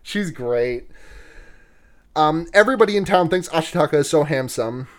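A man's voice: a little high, expressive, moderate pace. A man hosting a podcast, casually retelling a film's plot, profane and giggly, rambling with restarts. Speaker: podcast host.

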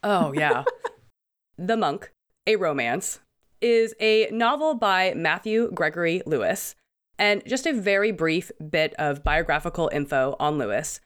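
Woman podcast co-host, sick-sounding voice, animated chatty delivery. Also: fairly low pitch, measured pace. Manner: chatty, laughs between points. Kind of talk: casual podcast chat.

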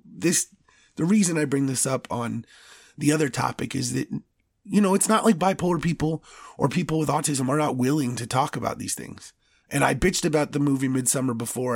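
A man's voice: medium pitch, creaky, husky, no echo, clean studio sound. A man hosting a solo podcast, ranting with passion and stammering into restarts when he gets worked up. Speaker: podcast host. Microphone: studio podcast mic.

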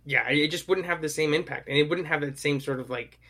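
Man, about thirty, bright slightly high voice, rambling and profane, casual podcast chat. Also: fast talker. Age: around 30. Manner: rambling, enthusiastic, swears often.

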